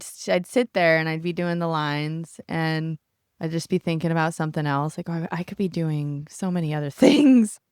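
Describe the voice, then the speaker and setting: Woman podcaster, lively storyteller, smooth low voice, dry close sound. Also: no echo. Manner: animated storytelling, acts out quotes, laughs often. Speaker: podcast co-host and photographer. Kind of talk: casual chat. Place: aboard a family yacht.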